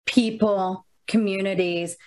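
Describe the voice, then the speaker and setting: A woman's voice: mid-range voice, fairly even intonation, slow pace, mellow, rough recording. A woman co-host and trainer explaining a point in an encouraging way during a casual chat.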